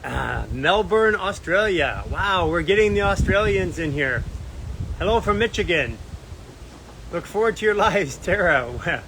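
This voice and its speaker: A man's voice: sits high, animated, a little slow, background noise. A Canadian man hosting a casual live stream outdoors near a beach, upbeat, reading out where his viewers are from. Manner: upbeat, reads out viewer comments and places.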